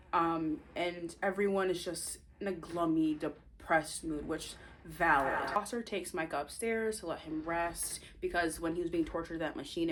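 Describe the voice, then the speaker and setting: A woman's voice: fairly low pitch, slight background noise. A woman casually retelling the plot of her novel, chatty and rambling, teasing her viewers with asides. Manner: chatty and animated, rambling, self-interrupting.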